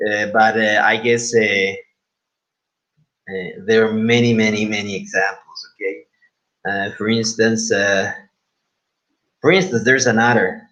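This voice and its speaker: A man with a Spanish accent, a native Spanish speaker, teaching English pronunciation to a class in a halting way, with many fillers and repeated words. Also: lowish voice, fairly even intonation, fairly bright tone. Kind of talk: live class instruction. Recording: dull lo-fi recording.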